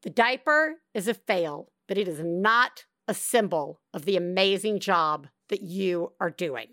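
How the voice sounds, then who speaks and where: Lively, expressive woman podcast host. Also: mid-range voice, measured pace, no room sound, clean studio sound. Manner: expressive, laughing, animated reactions to callers. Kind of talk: casual chat.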